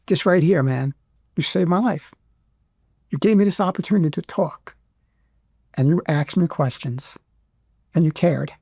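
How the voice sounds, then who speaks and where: A middle-aged man, a veteran guest in an interview, speaking with emotion and pausing often to restart. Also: fairly high pitch, creaky, warm tone, husky, no room sound, clean studio sound. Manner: emotional, halting, many restarts.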